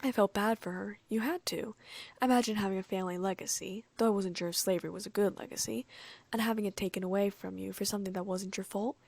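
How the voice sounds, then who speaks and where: A woman's voice: mid-range voice, steady tone, fast talker, creaky, a little mellow, no echo. Woman narrating an audiobook, dry sound. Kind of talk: first-person story narration.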